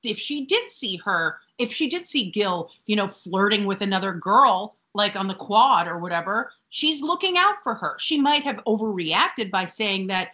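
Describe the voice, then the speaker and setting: A woman co-hosting a podcast, chatting casually about a TV episode and acting out characters' lines. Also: on the high side. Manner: animated, quick to act out characters. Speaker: podcast co-host. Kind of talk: casual recap chat.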